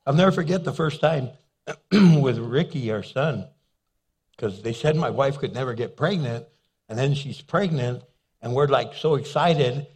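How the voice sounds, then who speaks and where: A man's voice: mid-range voice, a little slow, slightly rough. A man preaching a humorous sermon as pastor, telling stories, acting out little scenes and laughing at his own jokes. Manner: animated storytelling, acts out little scenes and voices.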